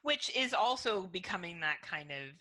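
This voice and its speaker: A woman co-hosting a chatty podcast, with a lowish voice and a bright, forceful edge. She talks candidly, swears freely and thinks out loud, stringing her points together with "like". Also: lively intonation, moderate pace. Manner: talkative, thinks aloud with many "like"s. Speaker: podcast co-host. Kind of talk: casual chat.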